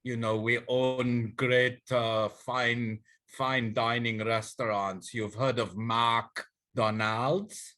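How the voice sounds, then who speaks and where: A man's voice: mid-range voice, steady tone, drawn-out words, hardly any pauses, pushed and bright. A man playing a boastful male party MC, rambling and bragging.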